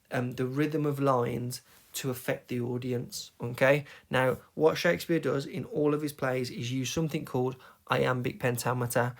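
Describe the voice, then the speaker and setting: Brief: male teacher, mid pitch, emphatic and steady, recorded lesson voice-over. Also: gravelly. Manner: emphatic, tapping out rhythms, frequent "okay?" check-ins. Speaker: English teacher.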